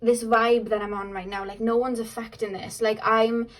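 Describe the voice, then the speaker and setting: A woman's voice: a little high, little pitch movement, moderate pace, rough recording. A young woman doing a casual tarot reading, chatty and upbeat, often trailing off and restarting. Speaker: tarot reader.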